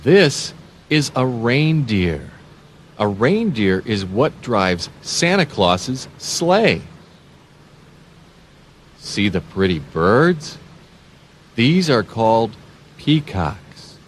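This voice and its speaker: A man hosting a children's read-along, talking slowly with sing-song emphasis and playful animal sounds. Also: mid-range voice, big pitch swings, a little hiss or hum. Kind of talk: slow, animated reading to young children.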